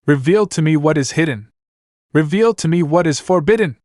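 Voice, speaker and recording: A man voicing a confident teenage ninja boy in a read-aloud fanfic story, speaking in a steady, earnest way. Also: a little high, moderate pace, dry recording, studio quality, pitched above the performer's own voice, natural voice. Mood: solemn. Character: confident teen ninja boy chanting spells.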